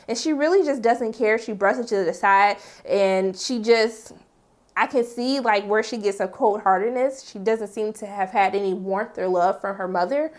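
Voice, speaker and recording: A woman giving a casual TV episode recap and review, chatty and animated, acting out the scenes and breaking in with sassy asides. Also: fairly high pitch, fairly quick. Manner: chatty, animated retelling with playful sass.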